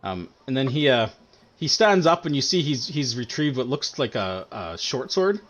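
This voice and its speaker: Halting man running a tabletop game. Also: medium pitch, big pitch swings. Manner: halting, full of fillers and "he's like". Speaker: game master.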